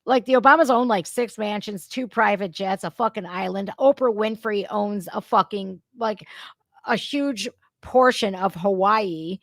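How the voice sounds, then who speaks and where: A woman's voice: medium pitch, a little slow, no room sound, studio quality. A woman hosting a reaction channel, ranting about politics in an angry, profane, emphatic way. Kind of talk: heated political rant.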